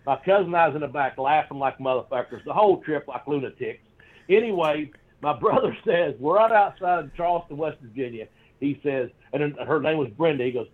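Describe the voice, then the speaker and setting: A man's voice: a little high, fairly quick. Profane, rambling man on lo-fi audio. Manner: profane, laughing, rambling storyteller. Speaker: guest, former pro wrestler. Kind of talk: casual storytelling. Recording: dull lo-fi audio.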